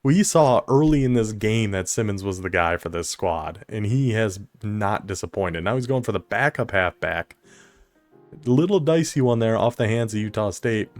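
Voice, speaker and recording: Excitable man calling a video game. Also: on the low side, moderate pace, no echo, faint music behind. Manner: excitable, laughs often, talks to the viewer. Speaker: commentator of an online video game dynasty league. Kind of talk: casual play-by-play game commentary.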